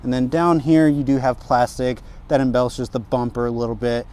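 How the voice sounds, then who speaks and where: A man giving an energetic, chatty walkaround car review outdoors at a dealership, talking straight to his viewers. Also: mid-range voice, fairly quick, smooth.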